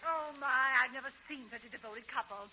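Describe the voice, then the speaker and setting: An actress playing a prim, gushing spinster client with a prissy, affected manner, 1940s radio comedy acting. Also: female voice, sits high, quick pace, lightly acted. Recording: dull 1940s radio broadcast, faint hiss.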